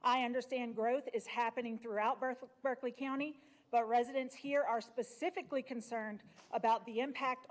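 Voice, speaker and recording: A woman reading a formal, earnest prepared statement as public comment at a county meeting podium. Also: a little high. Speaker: resident giving public comment.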